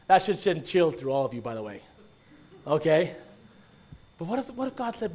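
High-voiced preacher checking in with "right?". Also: male voice, lively intonation, brisk, long pauses. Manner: conversational preaching with frequent "right?" and "okay?" check-ins; repeats and restarts words when emphasizing. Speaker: pastor. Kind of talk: sermon.

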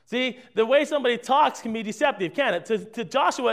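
A man preaching a sermon, asking his congregation rhetorical questions and swinging between loud emphasis and quiet asides. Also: extremely high pitch, expressive, fairly quick, gravelly, few pauses. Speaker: pastor.

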